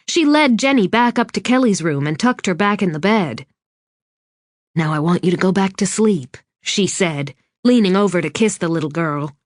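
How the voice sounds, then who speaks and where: A woman narrating a suspense novel in a measured, even scripted reading. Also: mid-range voice, no room sound. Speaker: audiobook narrator. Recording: dry studio read.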